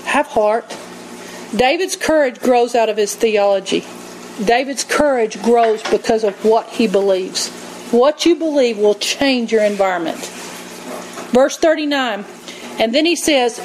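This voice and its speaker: A woman preaching a sermon, telling stories in an animated way and acting out quotes. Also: fairly high pitch, a little slow, a little hiss or hum, poor audio. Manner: animated storytelling, acts out quotes, laughs often.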